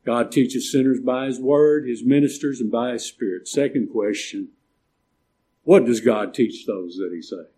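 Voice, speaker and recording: An older man preaching a sermon, emphatic and building to loud, stressed points. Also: mid-range voice, measured pace. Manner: emphatic preaching, swelling louder on key points.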